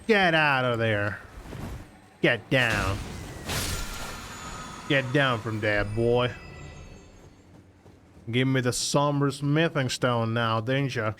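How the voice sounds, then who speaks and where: A man voicing a gruff Old West cowboy with a swaggering drawl. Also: mid-range voice, takes it slowly, long pauses, fairly bright tone, slight background noise.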